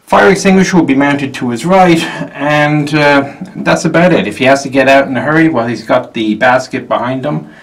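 A man's voice: medium pitch, moderate pace. A man presenting a tank's interior in a casual walk-through, explaining with dry humor while sweating on a hot day. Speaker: tank historian presenter. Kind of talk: informal walk-through tour. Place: inside a tank hatch, outdoors. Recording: distant backup mic.

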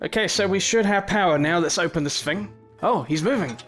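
Sarcastic gamer, fairly high voice. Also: male voice, a little fast, over music. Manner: sarcastic running commentary, bursts into panicked yelling. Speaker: gaming YouTuber. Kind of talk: let's play commentary.

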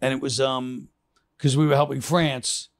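A man's voice: medium pitch, flat delivery, measured pace, no room sound. An older man, a guest on a podcast, thinking aloud in a rambling, musing way. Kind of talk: casual chat.

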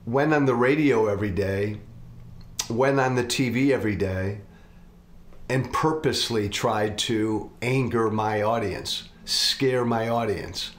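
Middle-aged male host, earnest confessional monologue, unhurried delivery, roomy echo. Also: fairly low pitch. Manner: earnest, confessional, slow and deliberate. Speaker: political commentator, host. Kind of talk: reflective monologue.

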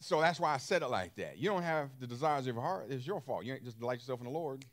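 This pastor's mid-range voice is expressive and quick as he preaches emphatically. He repeats phrases and fires questions at his listeners, along with other features.

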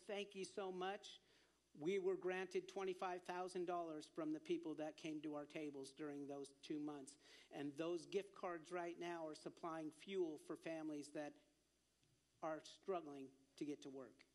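High-voiced man telling a sermon story. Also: fairly even intonation, normal speed. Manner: earnest storytelling with repeated restarts, growing more fervent. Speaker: ministry leader speaking at church.

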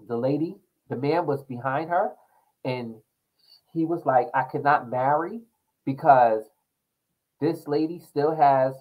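A young man hosting his own talk show, rambling through news and stories in a casual, animated monologue. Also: mid-range voice, low-quality recording. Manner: rambling, animated storytelling with laughs.

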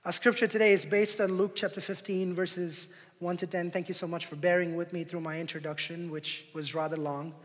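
A male pastor delivering a sermon, moving from calm explanation to impassioned, near-shouted preaching with acted-out quotes. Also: sits high, brisk. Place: church sanctuary. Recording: reverberant hall.

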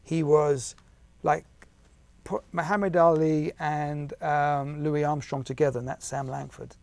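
Slightly slow and steady, the voice of this English man in his forties sits on the high side, creaky and a little mellow, with no room sound. An actor and writer, he's a chatty interview guest who keeps restarting and repeating himself.

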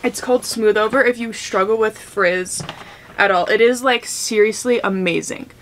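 A woman's voice: a little high, moderate pace, slight background noise. A young woman vlogger chatting casually and gushing while she does makeup and unboxes packages at home. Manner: gushing, chatty, many fillers.

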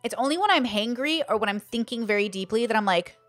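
A woman's voice: on the high side, fast, dry recording, soft background music. A woman creator in casual livestream chat, thinking aloud with lots of fillers and acting out the voices she quotes. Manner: animated, acts out quoted voices. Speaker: online content creator.

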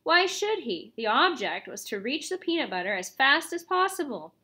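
Woman reader, higher voice, lively children's-book narration. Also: normal speed, slightly rough. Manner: expressive, lively storytelling. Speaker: audiobook reader. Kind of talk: reading a children's book aloud.

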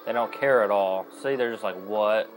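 A man's voice: fairly low pitch, a little fast, music in the background, low-quality recording. A young adult man giving casual, rambling let's-play commentary as a gaming host, with plenty of fillers and self-corrections.

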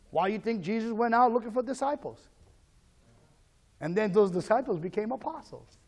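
Preaching in a high voice, a male pastor draws the congregation into call-and-response. His delivery shifts from soft, murmured prayer to loud, pressing exhortation.

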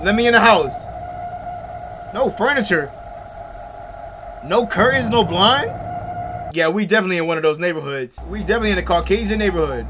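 A young man playing a horror game and reacting out loud, yelping, laughing and talking slang to his viewers, with game music loud behind him. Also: high-pitched, expressive, fairly quick, pauses often, background noise. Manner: yelps, laughs and exclaims loudly; slangy, says "bro" often. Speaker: gaming YouTuber. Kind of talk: excitable horror game commentary.

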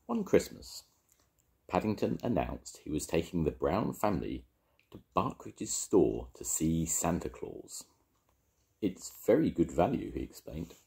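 Old grandad reading a kids book, deep warm voice. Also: male voice, very animated, a little slow, gravelly. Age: older. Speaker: storytelling grandfather. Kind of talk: reading a picture book aloud.

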